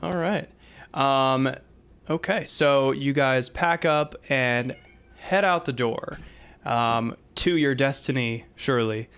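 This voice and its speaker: A man's voice: medium pitch, takes it slowly, a bit bright, clean tone. A man narrating and running a tabletop game as dungeon master, chatty and giggly with many fillers.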